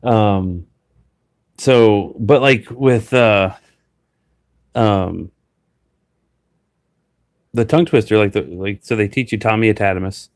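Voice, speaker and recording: A man talking casually and rambling with many fillers, a licensed auctioneer who breaks into a rapid auction chant. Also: fairly low pitch, gravelly, no echo. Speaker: reseller and auctioneer. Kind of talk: casual live chat.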